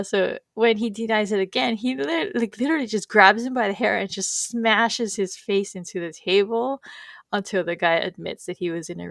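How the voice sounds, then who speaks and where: Podcast co-host, woman, gravelly, laughs a lot while retelling scenes. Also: medium pitch, no echo, studio quality. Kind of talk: casual chat recapping a TV episode.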